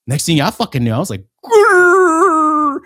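A man's voice: medium pitch, sing-song, very fast, breathy edge, no echo, clean studio sound. A man on a casual podcast, telling long rambling stories full of profanity.

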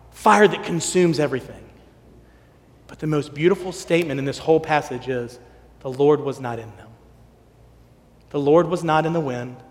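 A man preaches with a high, lively voice, acting out quoted lines and dropping to a hush to stress a point. His voice rings through a long hall reverb, as in a church sanctuary. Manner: animated, acts out quotes, drops to soft hush for emphasis. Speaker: pastor. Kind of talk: sermon.

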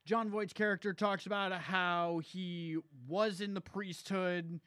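High-voiced man casually reviewing a movie. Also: steady tone, fairly bright tone, clean tone, no room sound, clean studio sound. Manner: swearing, laid-back storytelling, quick asides. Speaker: podcast co-host.

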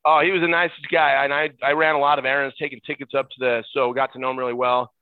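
A middle-aged man, a podcast guest, telling lively stories in a casual chat, excitable and quick to laugh. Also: mid-range voice, a crowd in the background. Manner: excitable, jumps into shouted impressions and laughs. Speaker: guest, former ballboy. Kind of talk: animated storytelling in casual chat. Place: at home in Utah. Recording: tinny phone-line sound, dry.

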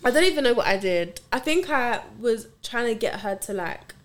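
Young woman telling a story, high voice that jumps all over, keeps cracking up. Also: normal speed, a loud crowd. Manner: animated storyteller, laughs through her own stories. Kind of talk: casual chat.

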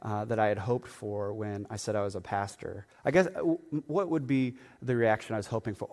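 A man, a pastor, telling a story in a sermon, chatty and animated, with lots of fillers and asides. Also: fairly low pitch, brisk, few pauses, in a large hall. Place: church sanctuary.

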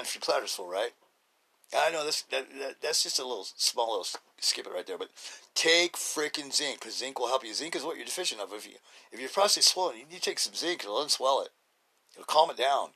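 A middle-aged man talks through his podcast in a loose, rambling monologue, blunt and full of fillers and restarts. His voice is bright and forceful, sitting at an ordinary pitch for a man. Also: animated, a little fast, husky. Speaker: podcast host. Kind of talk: casual monologue.

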